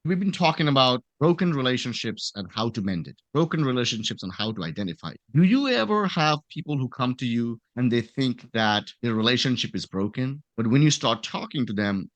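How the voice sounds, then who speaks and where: A man's voice: medium pitch, very animated, a little fast, few pauses, a bit bright. A man hosting a podcast, asking long, probing questions of his guest. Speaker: podcast host. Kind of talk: podcast interview.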